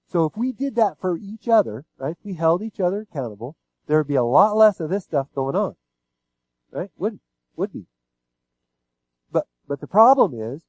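A man's voice: high-pitched, a little mellow, husky, no echo, poor audio. Dry-miked man preaching, asking the room. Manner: conversational preaching with frequent rhetorical questions. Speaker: pastor. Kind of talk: sermon.

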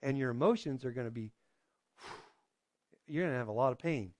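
A man's voice: brisk, no echo. A man preaching a sermon in a conversational way, often asking the congregation "right?" and acting out quoted voices. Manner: acts out quoted voices with drops in pitch. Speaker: pastor.

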